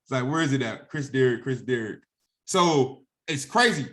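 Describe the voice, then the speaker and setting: A man's voice: medium pitch, animated, normal speed, fairly bright tone. A young man telling a personal story in a casual, conversational way, often asking "right?" and acting out phone calls. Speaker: guest speaker.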